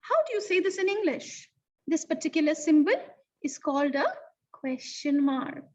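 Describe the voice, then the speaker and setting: High-voiced animated woman teaching children. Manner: animated, sing-song teacher talk with slow stressed words. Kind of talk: online lesson for young children. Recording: distant, dull lo-fi sound.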